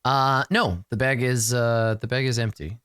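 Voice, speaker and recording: A man running a tabletop game as dungeon master, narrating scenes and talking quickly with his players in asides. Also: mid-range voice, a bit bright, clear, resonant tone, no room sound, studio quality.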